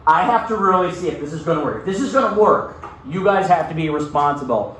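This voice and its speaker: A man's voice: on the high side, expressive, quick pace, a bit bright, slight background noise. A male teacher reads a novel aloud to his class and then talks it through in a casual way, often checking in with "okay?". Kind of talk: reading aloud and class discussion. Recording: very echoey room, far from mic.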